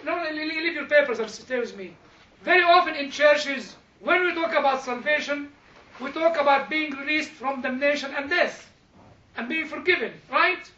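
High, bright-voiced man teaching a church group. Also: moderate pace. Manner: animated, repeats words, chuckles, addresses listeners directly. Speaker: church discussion leader. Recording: echoey room, distant mic, dull sound.

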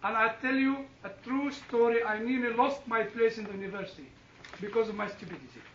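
A man's voice: very high voice, brisk, a little hiss or hum. A man telling an anecdote to a listening audience, often chuckling and restarting his sentences, recorded from a distance in a roomy space. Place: room with an audience. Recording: roomy, distant, dull sound.

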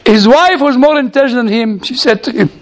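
A man's voice: very high-pitched, brisk. A man who is a lecturer and chaplain tells humorous anecdotes in a chatty way. He acts out the dialogue he quotes. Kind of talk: anecdotal storytelling talk.

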